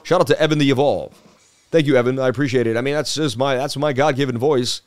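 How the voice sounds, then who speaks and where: A man's voice: mid-range voice, quick pace, no echo. Chatty man hosting a crypto stream. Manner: chatty, sports-presenter delivery. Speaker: crypto live-stream host. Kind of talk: casual live-stream market analysis. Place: traveling.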